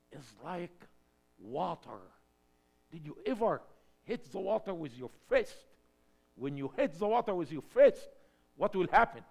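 A man from Egypt preaching a sermon testimony in English, swinging between hushed lines and loud emphatic shouts. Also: fairly high pitch.

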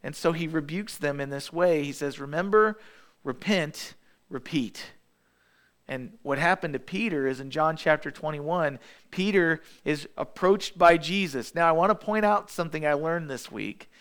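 A man delivers a sermon in a relaxed, conversational storytelling manner. His voice sits a little higher than most men's. He often stumbles and restarts his phrases as he goes. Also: moderate pace, clean tone. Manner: casual storytelling preaching with restarts. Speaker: preacher.

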